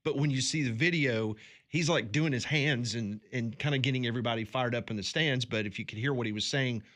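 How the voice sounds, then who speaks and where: A male sports radio host chats from the studio with a bright, forceful tone. He tells stories in an animated way and often restarts his phrases. The talk is casual and lively. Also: medium pitch. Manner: animated storytelling, quick restarts.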